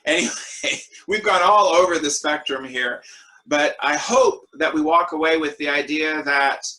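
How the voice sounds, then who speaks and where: A man leading an online worship discussion over a video call, telling stories in a relaxed way with fillers. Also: a little high, a little slow, rough recording. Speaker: group discussion leader.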